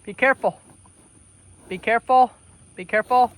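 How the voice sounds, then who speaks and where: A man's voice: extremely high pitch, animated, a little slow, long pauses, a bit bright. A man, vlogging outdoors on his farm and cooing affectionately at his animals by a fence. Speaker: homesteader vlogger. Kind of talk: casual vlog talk to camera.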